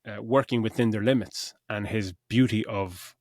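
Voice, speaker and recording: A man's voice: on the low side, normal speed, dry recording, clean studio sound. A middle-aged man co-hosting a podcast, rambling through a casual film review, swearing freely and acting out his own reactions. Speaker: podcast co-host.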